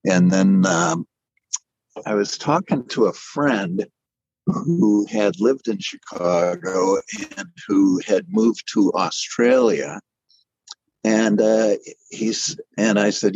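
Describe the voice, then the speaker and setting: A man's voice: fairly low pitch, slow, a little mellow, dry recording, muffled recording. An older man telling his career story in a rambling, self-deprecating way, often restarting his sentences. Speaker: interview guest, animator. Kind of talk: casual storytelling.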